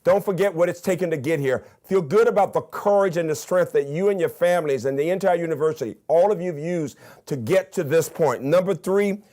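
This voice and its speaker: An older Southern man delivers a commencement address with eager emphasis. His voice sits a little high for a man, and he ticks off his points one by one. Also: a little fast, hardly any pauses, darkish tone. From Birmingham, Alabama. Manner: emphatic, enthusiastic, counts off points. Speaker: commencement speaker, university president.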